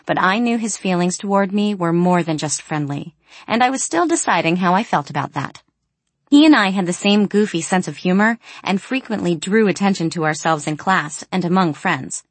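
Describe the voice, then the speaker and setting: Low-voiced woman narrating an audiobook. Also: dry recording. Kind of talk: first-person audiobook narration.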